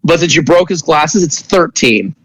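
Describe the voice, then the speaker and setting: A man narrating as game master of a tabletop game, talking in a halting way with many restarts. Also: on the high side, expressive, background noise.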